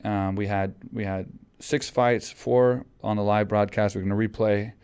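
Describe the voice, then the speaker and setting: A man's voice: on the low side, flat delivery, normal speed, a little mellow, smooth. A man hosting a podcast in casual chat, rambling with lots of fillers and restarts. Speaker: podcast host.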